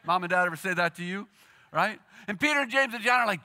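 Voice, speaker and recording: A male pastor delivers a sermon as a casual, animated story, often slipping into the voices of his characters. His voice is bright and forceful. His pitch rides high and swoops widely from phrase to phrase. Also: fast talker. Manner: animated, conversational storytelling with acted quotes.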